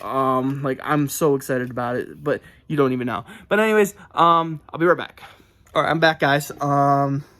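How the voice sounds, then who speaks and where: A man's voice: on the high side, fairly bright tone. A young man chatting casually to camera about his book mail, rambling and correcting himself with lots of fillers. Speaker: book collector showing book mail.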